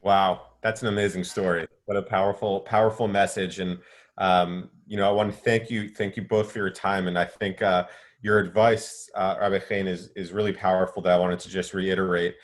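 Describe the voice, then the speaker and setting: Very deep, flat-voiced webinar host. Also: male voice, moderate pace. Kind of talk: moderating a webinar.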